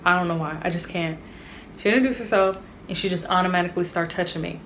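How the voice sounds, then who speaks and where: A young woman tells a casual storytime straight to her viewers, chatty and animated. Her voice sits a little low for a woman. A faint hiss of room noise runs under her speech from the camera mic. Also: fast talker. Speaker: vlogger.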